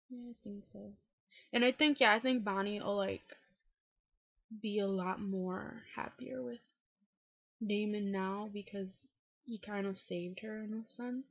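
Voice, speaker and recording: A woman's voice: medium pitch, fairly even intonation, a little slow, vocal fry, long pauses, no echo. A woman recapping a TV episode in a casual vlog, frank and exasperated, swearing freely and filling with "like" and "um". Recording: dull, dry home recording.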